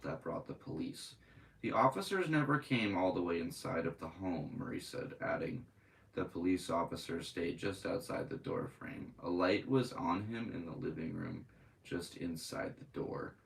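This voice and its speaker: A man's voice: low-pitched, animated, normal speed, gravelly, far from the mic, poor audio. A man hosting a podcast, reading news aloud and breaking into profane, angry commentary. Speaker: podcast host.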